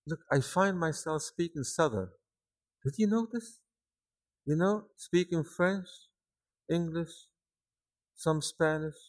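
A man with a foreign accent preaching a sermon, telling stories with energy and rising to shouts at the peaks. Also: on the high side. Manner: animated storytelling, shouting at peaks.

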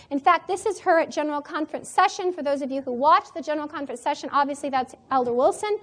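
Woman presenter, very high pitch, emphatic church-seminar delivery. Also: fast talker, hardly any pauses. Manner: emphatic, repeats key phrases. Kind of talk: church training talk.

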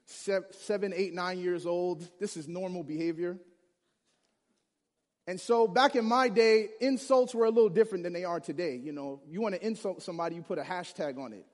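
A man from Chicago telling a humorous personal story to an audience, lively and acting out the people in it. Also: sits high, moderate pace. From Chicago, USA. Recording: reverberant hall.

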